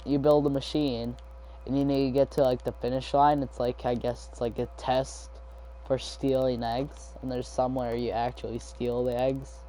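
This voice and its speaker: A man's voice: mid-range voice, little pitch movement, moderate pace, warm tone, slight background noise. A young man telling a school story in a casual vlog, rambling with lots of swearing and fillers.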